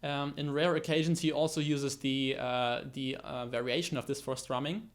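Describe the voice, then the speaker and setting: A man walks through a guitar lesson, stopping and restarting as he explains scales and rhythms. His voice sits in an ordinary middle range. Loud guitar playing rings under his talk. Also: medium pitch, fairly even intonation, moderate pace. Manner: explains with many fillers and restarts, counts beats aloud. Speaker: guitar teacher. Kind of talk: guitar tutorial.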